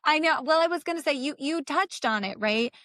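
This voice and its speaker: A woman hosting a podcast chat, with a squeaky voice and an upbeat, enthusiastic way of talking. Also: expressive, fairly quick, fairly bright tone, no room sound. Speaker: podcast host. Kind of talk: casual chat.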